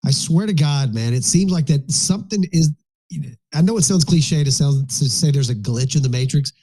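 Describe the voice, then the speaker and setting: A man in his fifties hosting a casual live audio chat, rambling and animated. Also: fairly high pitch, normal speed. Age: 50s. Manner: rambling, animated, frequent profanity. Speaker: host.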